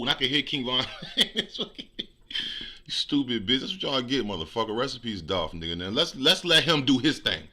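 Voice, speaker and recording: A man's voice: medium pitch, lively intonation, brisk, bright, forceful tone. A man giving mocking, profane reaction commentary on a livestream, laughing often.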